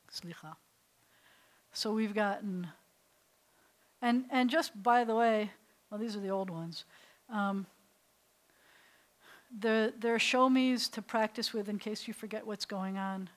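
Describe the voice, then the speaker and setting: A middle-aged woman rabbi teaching a beginners' Hebrew class, patient and playful, slowly sounding out syllables for students. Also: on the high side, poor audio. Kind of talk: classroom language lesson.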